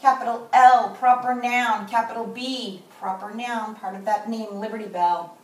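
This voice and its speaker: A woman teaching a kindergarten morning meeting on video, speaking slowly and gently and stressing key words for young children. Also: a little high, steady tone, roomy sound, distant mic, rough recording.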